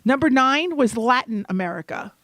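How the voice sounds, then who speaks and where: High-pitched lady co-host, teasing and animated, dry close mic podcast. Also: moderate pace, dry recording. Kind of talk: casual chat.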